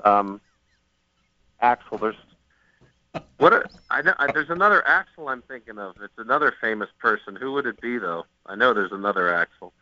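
A man's voice: medium pitch, expressive, moderate pace, sharp tone, no echo, lo-fi sound. A man on a golf broadcast, casually chatting and telling rambling stories with jokes. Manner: rambling storyteller, joking.

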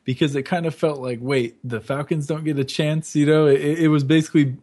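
A man's voice: on the high side, steady tone, warm tone. A man co-hosting a sports radio show in casual chat, hesitant and full of fillers as he weighs his views. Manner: hesitant, filler-heavy, measured opinions. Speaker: radio co-host.

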